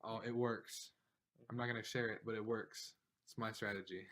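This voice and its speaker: A podcast co-host with a lowish, fairly bright voice and fairly even intonation speaks at normal speed in casual chat. He tells a long, rambling story, laughing often and saying "like" a lot.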